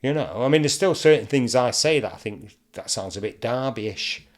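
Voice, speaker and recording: A man's voice: mid-range voice, normal speed. An older man with a broad Mancunian accent, a guest telling stories in a casual interview and acting out what others said. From England. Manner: animated storyteller, mimics others in quotes. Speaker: guest presenter.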